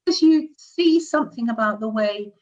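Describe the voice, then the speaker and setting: A woman talking as a wellbeing specialist in a casual conversation, animated and demonstrative, laughing often. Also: fairly high pitch, normal speed, highs cut off. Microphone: seated at a chair.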